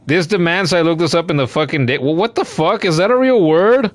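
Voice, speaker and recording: A man's voice: fairly high pitch, a little fast, few pauses, no room sound. A young man commenting on his own gameplay, swearing freely and ranting in exasperation. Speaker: let's play host.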